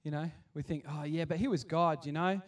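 A man's voice: fairly high pitch, steady tone, a little fast, far from the mic. A man preaching a casual sermon at kids church, full of restarts, that builds to passionate appeals. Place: church hall.

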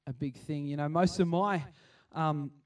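A man giving a chatty, animated sermon and acting out the scenes he tells. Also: a little high, unhurried, far from the mic. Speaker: preacher. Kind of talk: casual sermon.

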